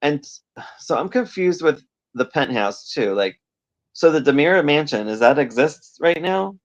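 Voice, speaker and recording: A man's voice: a little high, lively intonation, moderate pace, no room sound. A man co-hosting a podcast, chatting casually about soap episodes, asking questions and acting out the characters. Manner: chatty, asks questions, acts out characters in quotes. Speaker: podcast co-host. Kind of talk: casual chat recapping a soap opera. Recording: dull lo-fi sound.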